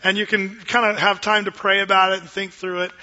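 A middle-aged man, a pastor preaching a sermon in an animated, joking way that acts out quoted voices. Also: high-pitched, brisk, lo-fi sound.

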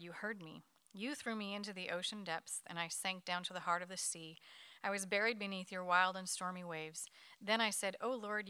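A woman leading a Bible study, reading a scripture passage aloud to her group at a quick pace. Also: fairly low pitch, clear, resonant tone, dry recording. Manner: quick, lively reading with light laughs.

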